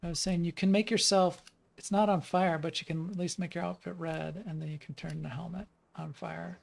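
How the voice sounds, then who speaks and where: A game developer from the United States talks through a live stream while playing, rambling from one thought to the next. The voice has a gravelly, creaky edge and sits at an ordinary middle pitch. The speech is loose and unscripted, full of ums, uhs and restarted sentences. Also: flat delivery, fairly quick. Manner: rambling, chatty, lots of fillers and restarts. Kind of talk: live stream gameplay chat.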